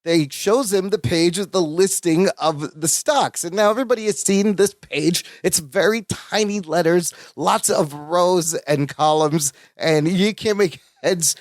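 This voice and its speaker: A woman co-hosting a podcast in casual chat, recapping a sitcom with animated retelling and quoted lines. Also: fairly low pitch, unhurried, hardly any pauses, no room sound, clean studio sound. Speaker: podcast co-host.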